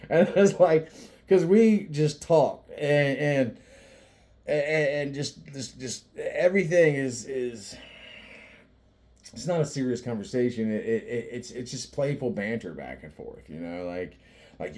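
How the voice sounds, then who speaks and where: Man, mellow mid-pitched voice, profane joker rambling casually with lots of laughter. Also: animated, unhurried. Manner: profane, joking, often laughing while talking; rambling with frequent restarts and fillers. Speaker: vlogger.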